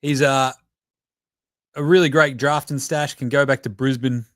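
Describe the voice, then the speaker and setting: Excitable Australian man reacting live. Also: mid-range voice, unhurried, dry recording, studio quality. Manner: excitable, profane, cheers and chants at the screen. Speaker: podcast host.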